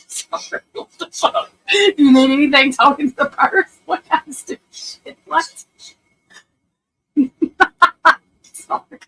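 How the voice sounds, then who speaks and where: Casual live-stream host: a woman with a high voice who rambles, laughs a lot and scolds her dog. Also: slow pace, pauses often, a bit bright, low-quality recording.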